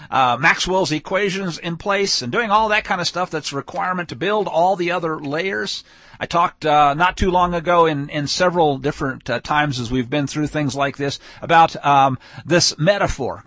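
A man's voice: a little high, pushed and bright, no room sound. A man giving a conversational weekly scripture teaching, explaining verses with frequent fillers and restarts. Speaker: Bible teacher. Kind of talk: weekly Torah portion teaching.

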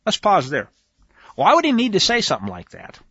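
A man leads a conversational Bible study in a high voice that leaps around his range. He is emphatic and speaks straight to his listeners. The recording is dry and a little dull. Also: fairly quick, breathy edge, dry recording. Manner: animated, emphatic, talks to listeners directly. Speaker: Bible teacher.

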